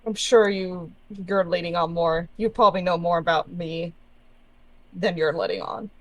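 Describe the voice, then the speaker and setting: A man's voice: high-pitched, normal speed, fairly bright tone, dry recording, rough recording. A man playing a tabletop game in character, answering bluntly and defiantly. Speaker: player. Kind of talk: in-character tabletop role-play.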